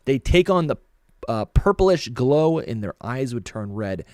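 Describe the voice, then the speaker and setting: A man's voice: mid-range voice, big pitch swings, a little slow, a little mellow, dry recording, clean studio sound. A man co-hosting a live podcast, reading out chat messages and rambling in a loose, self-correcting way.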